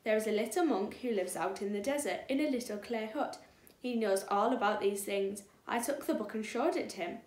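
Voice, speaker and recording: A woman's voice: mid-range voice, a little fast, darkish tone, close to an everyday voice. A woman voicing a cheerful, helpful male shopkeeper in a children's story, chatty and grinning. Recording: echoey room.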